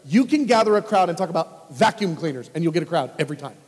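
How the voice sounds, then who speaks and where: High, husky man preaching. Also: fast. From United States. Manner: animated, acts out dialogue in lively voices. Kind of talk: storytelling sermon. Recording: long reverb of a large hall.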